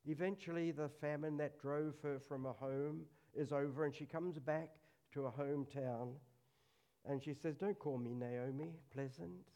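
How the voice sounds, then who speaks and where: A middle-aged man preaching a sermon at a church service, earnest, dropping to a hush on solemn lines. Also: a little high, fairly even intonation, moderate pace.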